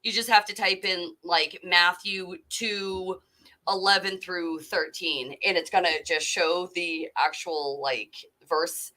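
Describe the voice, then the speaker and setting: A woman's voice: on the low side, steady tone, takes it slowly, pushed and bright. A woman co-hosting a casual chat show, rambling and laughing between points. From Boston area. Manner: chatty, laughing, rambling asides. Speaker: podcast co-host.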